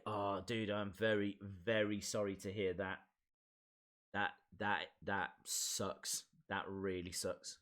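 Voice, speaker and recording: Man, live stream host, casual chat, slow pace, bright voice, repeats himself. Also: on the low side, flat delivery. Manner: chatty, reads viewer comments aloud, repeats phrases.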